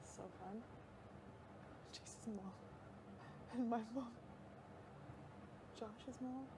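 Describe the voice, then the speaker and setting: Excitable young woman chatting casually. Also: on the high side, extremely slow. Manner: excitable, quotes others in animated voices. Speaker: reality show houseguest. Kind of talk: casual chat. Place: live feed house recording. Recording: noisy live feed audio.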